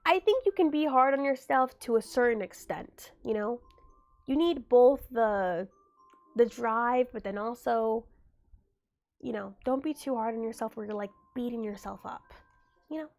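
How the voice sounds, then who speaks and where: Young woman streamer, slightly higher voice, easygoing chat with viewers, a little under the weather. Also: unhurried, vocal fry, darkish tone. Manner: chatty, reads and answers chat aloud. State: getting over a cold. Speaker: livestreamer. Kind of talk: casual livestream chat.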